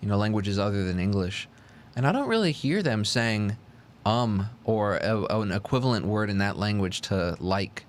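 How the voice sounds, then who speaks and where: A man's voice: fairly low pitch, expressive, normal speed, few pauses. A young man co-hosting a podcast, chatting casually and rambling through his thoughts. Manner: chatty, rambling, puts on mock old-timey announcer voices. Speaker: podcast co-host. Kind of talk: casual chat.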